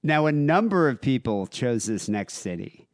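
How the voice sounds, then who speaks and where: A man's voice: mid-range voice, big pitch swings, moderate pace. An American man hosting a podcast, joking and swearing as he reads out listener guesses in casual chat. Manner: joking, sweary, laughs often. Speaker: podcast host.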